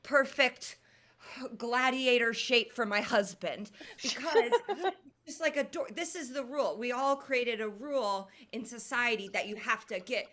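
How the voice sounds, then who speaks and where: A woman in her thirties works through a stand-up set, talking to the crowd in a loose, deadpan way. Her voice is bright and sits a little high. She is from Indiana. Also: unhurried. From Indiana, USA. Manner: deadpan, conversational, with filler ums. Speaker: stand-up comedian. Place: comedy venue with live audience.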